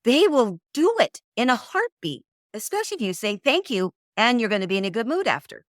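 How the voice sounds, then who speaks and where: A middle-aged woman talking as a dating coach in an interview, an animated storyteller who acts out quoted voices. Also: on the high side, brisk, dry recording, studio quality. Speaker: dating coach, podcast guest. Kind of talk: conversational interview.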